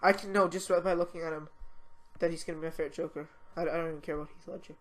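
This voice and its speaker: Chatty excitable teen girl podcaster. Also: low-pitched, racing, a crowd in the background. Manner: excitable, rambling, heavy use of "like". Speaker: podcast co-host. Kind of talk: casual chat.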